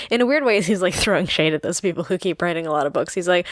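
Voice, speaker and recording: A woman with a notably low voice co-hosting a casual podcast chat. She sounds relaxed and agreeable and laughs easily. The recording is dry and close. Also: quick pace, few pauses, no room sound. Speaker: podcast co-host.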